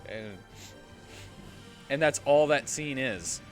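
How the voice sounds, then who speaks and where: A man streaming a game, chatting casually and retelling a film in a halting, rambling way. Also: fairly high pitch, fairly bright tone. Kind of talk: casual chat while gaming. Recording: faint game music behind.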